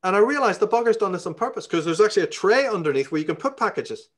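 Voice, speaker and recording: Middle-aged man, Belfast accent, slightly higher voice, swears freely and rants while telling stories in an interview. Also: fast. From Northern Ireland. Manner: profane, ranting, animated. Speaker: interview guest. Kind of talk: storytelling in conversation.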